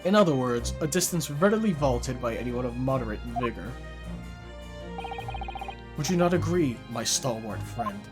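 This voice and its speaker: A man's voice: medium pitch, expressive, moderate pace, pauses often, natural voice. A man voicing a haughty aristocratic prosecutor who speaks in a pompous, archaic way, with game music behind. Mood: scornful.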